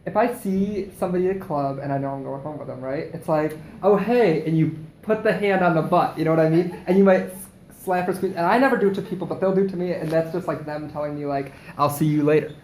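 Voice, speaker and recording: A chatty show host telling animated stories in a casual, playful way. The voice leaps up into a squeaky register to quote people. The recording is echoey, with faint ambience in the room. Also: fast talker, a little hiss or hum. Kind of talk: casual chat.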